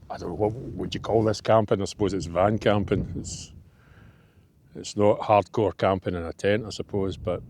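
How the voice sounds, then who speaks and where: Speaking in a low, slightly mellow voice, a man from Scotland records a casual solo vlog at an outdoor forest campsite. He wanders through his thoughts aloud in a loose, laid-back manner.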